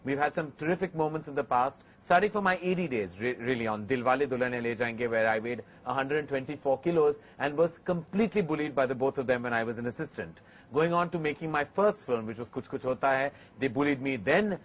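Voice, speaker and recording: A man's voice: medium pitch, lively intonation, quick pace, lo-fi sound, slight background noise. A man, a filmmaker hosting a TV segment, talking earnestly to camera about working with his actors. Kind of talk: reflective to-camera talk.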